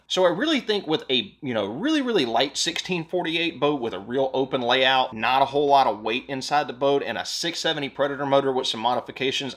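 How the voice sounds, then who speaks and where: A man hosting his boat-building video, explaining results casually and then teasing commenters with jokes. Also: medium pitch. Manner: joking, teasing, animated. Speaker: host and jon boat builder. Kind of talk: casual how-to video talk with a comment roast segment.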